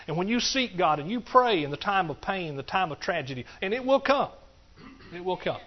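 A man preaching a sermon, repeating phrases in a rhythmic build and dropping in hallelujahs. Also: fairly high pitch. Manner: rhythmic, repetitive, punctuated with hallelujahs. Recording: dull, muffled recording.

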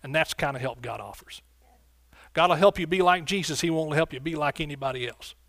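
A man's voice: on the high side, brisk, a bit bright, dry recording. Male pastor, fervent call-and-response sermon, dry close sound. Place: church sanctuary.

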